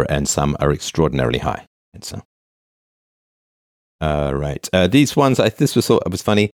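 A man's voice: sits low, no room sound, clean studio sound. A man in his fifties casually reading posts aloud and commenting on them, with frequent "uh" and restarts. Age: 50s. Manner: reads a line then comments, with frequent "uh" and restarts.

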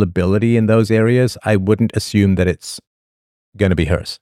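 A man with a low, deep voice hosts a casual livestream monologue, drifting from thought to thought with a sardonic edge. He restarts his sentences often, and the sound is close and dry, with no room around it. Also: moderate pace, warm tone, no room sound. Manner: rambling, sardonic, with frequent restarts. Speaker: livestream host.

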